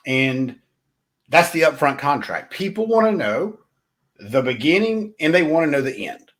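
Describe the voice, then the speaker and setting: A man's voice: fairly high pitch, normal speed. A man talks straight to his listeners in a solo podcast, coaching them on sales. His voice moves up and down a lot as he makes his points. He is blunt and casual, and he keeps asking "right?" to check that people follow. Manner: animated, conversational, asks "right?" often. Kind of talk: solo motivational sales talk.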